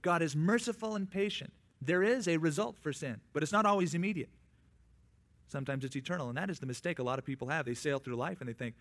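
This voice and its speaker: A man preaching a sermon in a conversational way, with quick asides and acted-out quotes. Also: a little high, fairly bright tone. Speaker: pastor.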